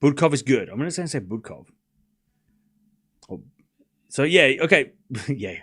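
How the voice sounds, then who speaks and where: A man's voice: mid-range voice, measured pace, husky. A man hosting a live tennis watchalong stream, calling scores and joking with chat. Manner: animated, joking, reads scores aloud while chatting with viewers. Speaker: livestream tennis watchalong host. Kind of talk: casual live commentary chat.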